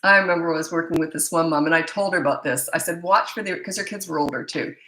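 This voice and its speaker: A woman's voice: deep voice, quick pace, fairly bright tone, reverberant, rough recording. A woman in her fifties, a parenting coach, answering viewer questions in a chatty, blunt way, with stammered restarts. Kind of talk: live Q&A answering viewer comments.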